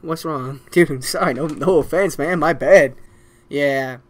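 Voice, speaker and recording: A young man hosting crude video chats with strangers, loud, teasing and swearing, now and then breaking into shouts. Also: fairly high pitch, measured pace. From Zimbabwe. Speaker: video chat prankster host. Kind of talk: crude joking chat with strangers.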